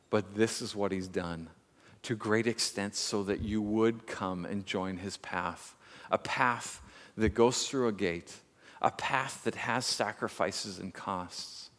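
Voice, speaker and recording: A man preaching a sermon as pastor, reflective and measured, telling a story with pauses. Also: on the low side, big-room sound.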